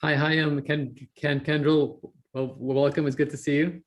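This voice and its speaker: A man's voice: on the high side, flat delivery, normal speed. A man hosting an online event, closing it with thanks and announcements and stuttering lightly with fillers. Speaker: host.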